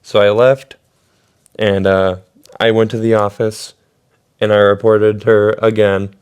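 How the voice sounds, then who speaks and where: A man's voice: fairly low pitch, little pitch movement, measured pace, darkish tone, smooth. A young man telling a rambling, profane story in a casual storytime vlog, full of fillers. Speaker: storytime vlogger.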